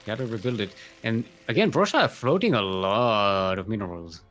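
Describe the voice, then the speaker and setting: A man's voice: fairly low pitch, lively intonation, normal speed, fairly bright tone, soft background music. A man with an Australian accent giving live, joking commentary on a strategy game as a caster. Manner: joking, rambling, laughs often. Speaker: esports caster.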